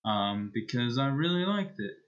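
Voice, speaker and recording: A man's voice: mid-range voice, big pitch swings, moderate pace, fairly bright tone, muffled recording. A man streamer chatting casually as he wraps up a live game stream, rambling and hesitant with many restarts.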